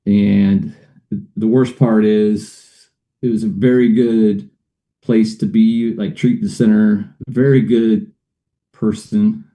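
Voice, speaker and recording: Dark-voiced middle-aged man telling his story. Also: lowish voice, little pitch movement, slow pace. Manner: rambling, with many fillers and uneasy laughs. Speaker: guest.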